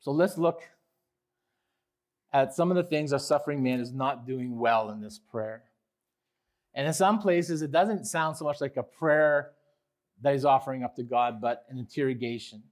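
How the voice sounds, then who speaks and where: A male pastor preaching a sermon, swinging from quiet reflection to loud, impassioned pleading. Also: expressive, moderate pace, long pauses. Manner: impassioned preaching, rising loud when voicing the psalmist; drops low and quiet on reflective points.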